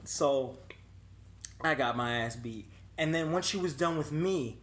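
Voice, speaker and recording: A man's voice: fairly high pitch, normal speed. Young man telling a wild story. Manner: animated, swearing, acts out quotes. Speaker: vlogger. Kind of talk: casual storytelling.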